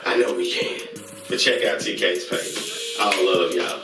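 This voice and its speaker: A man hosting his own channel, chatting casually and excitedly as he gives shout-outs, rambling and slangy. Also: low-pitched, unhurried, recorded from a distance. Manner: hyped, chanting catchphrases, slangy and rambling. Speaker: YouTube host reviewing comedy channels. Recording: echoey room from off-mic with music. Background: music playing.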